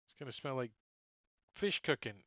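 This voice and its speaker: A man's voice: mid-range voice, animated, normal speed, a bit bright, no echo, highs cut off. A man running a tabletop game as dungeon master, narrating loosely, swearing, laughing and adding sound effects.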